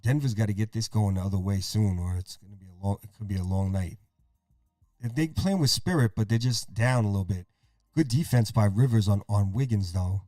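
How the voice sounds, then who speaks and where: A man hosting a podcast, casually calling a basketball game play-by-play, excitable and profane. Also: fairly low pitch, fairly quick, no echo, clean studio sound, soft background music. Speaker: podcast host.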